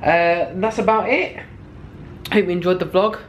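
A man's voice: high voice, unhurried, low-quality recording. A young man, chatting casually to the camera in an upbeat travel vlog, with lots of fillers. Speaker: vlogger. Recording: loud outdoor ambient noise.

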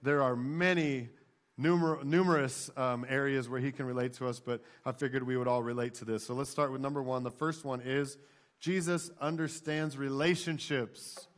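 A man in his thirties preaching a sermon in a church, talking to the congregation conversationally with frequent "right?" tag questions and animated storytelling. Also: mid-range voice, normal speed. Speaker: pastor. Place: church sanctuary.

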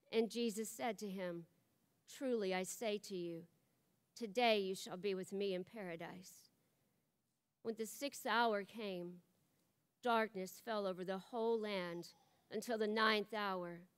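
A woman giving an expressive reading of scripture in church, her voice rising for the quoted cries. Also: fairly high pitch, clear, resonant tone. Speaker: scripture reader. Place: large church hall. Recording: long hall reverb.

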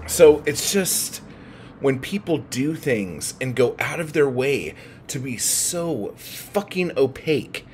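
A man's voice: mid-range voice, big pitch swings, slow, darkish tone, a little hiss or hum. A man ranting about writing to his followers, agitated and swearing heavily. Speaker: book vlogger. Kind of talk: profane rant to camera.

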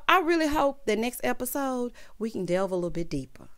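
Sassy, animated woman recapping reality TV. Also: fairly high pitch, brisk, few pauses, no room sound, studio quality. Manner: animated, sassy, playful asides. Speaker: recap vlogger. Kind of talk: casual reality-show recap.

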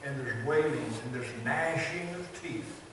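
An older man with a Southern American accent preaching a sermon as pastor, in a rhythmic style with repeated phrases, swinging between loud and soft. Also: mid-range voice, unhurried, noisy background. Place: large church sanctuary. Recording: very echoey church hall from a distance.

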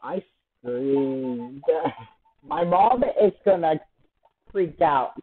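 A man giving let's play commentary, excitable, often shrieking and laughing as he plays. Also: fairly high pitch, extremely slow. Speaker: gamer. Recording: tinny phone-like sound.

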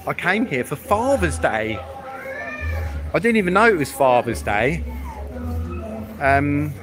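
Man, casual live-stream rant, blunt, swearing, rambling, outdoors, phone mic, slightly high voice. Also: very animated, slow, over music. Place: outdoors in a public street.

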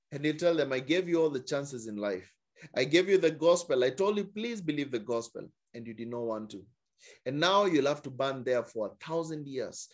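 A man preaching a sermon, reading scripture aloud and repeating phrases for emphasis, sometimes stumbling over words. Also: fairly high pitch.

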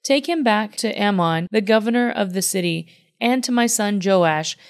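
Lady reading the part of a grumpy demanding old-time king, mid pitch, plain read. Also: animated, moderate pace, lightly acted. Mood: resentful. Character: King Ahab, a resentful demanding male king.

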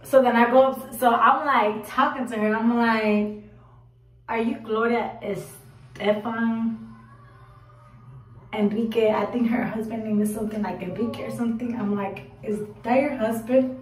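Casting note: twenties woman, lively slangy storyteller, slightly high voice, set back from the mic in a roomy space. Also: normal speed. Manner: animated, acts out her own quotes, swears casually. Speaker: vlogger. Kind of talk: casual storytime. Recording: roomy echo, a bit far from the mic.

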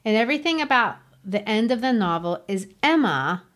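A woman's voice: a little high, expressive, moderate pace, a bit bright. Earnest woman explaining a novel. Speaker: podcast host. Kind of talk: literature discussion.

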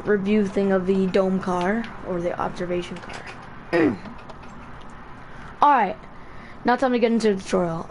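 Slow, rambling woman streamer. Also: medium pitch, slight background noise. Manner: rambling, many fillers and self-corrections. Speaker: Minecraft tutorial streamer. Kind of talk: casual building tutorial.

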